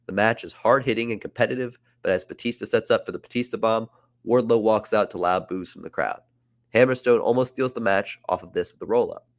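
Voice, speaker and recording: Low-voiced guy narrating wrestling bookings, chatty, dry sound. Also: a little fast, dry recording. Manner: casual, chatty with fillers. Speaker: podcast host.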